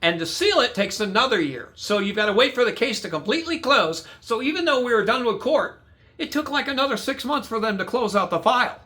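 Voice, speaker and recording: A man's voice: very high-pitched, lively intonation, a little fast, bright, forceful tone. A man from the United States telling his own story bluntly and angrily, swearing a lot and acting out the dialogue. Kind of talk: angry personal storytelling.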